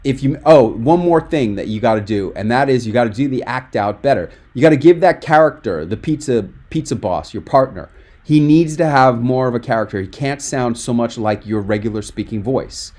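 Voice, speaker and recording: A man's voice: medium pitch, animated, a little fast, darkish tone. A man coaching a speaker on a video call, talking in a direct, emphatic and encouraging way. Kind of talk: webinar coaching feedback.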